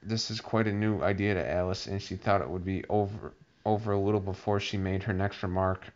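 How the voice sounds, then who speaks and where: A man narrating a storybook aloud, halting with frequent restarts. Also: sits low, fairly even intonation. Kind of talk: audiobook reading. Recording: dull lo-fi recording.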